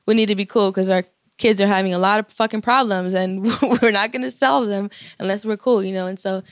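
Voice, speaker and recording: A woman's voice: mid-range voice, steady tone, fairly quick, dry recording, studio quality. A young woman rapper in her twenties telling a story casually, full of swearing, fillers and laughter. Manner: loose, profane, many fillers, laughs often.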